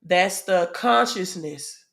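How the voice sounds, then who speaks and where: Southern woman, casual spiritual teacher, slow measured delivery with fillers. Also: fairly low pitch, gravelly. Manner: asks the audience "right?" often; unhurried with frequent "um" fillers.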